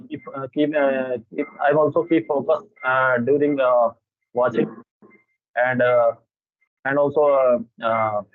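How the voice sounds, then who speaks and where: A man's voice: mid-range voice, no echo. A man with an Indian English accent, a guest in a casual chat, speaking hesitantly with frequent fillers. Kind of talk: casual conversation. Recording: dry tinny phone line.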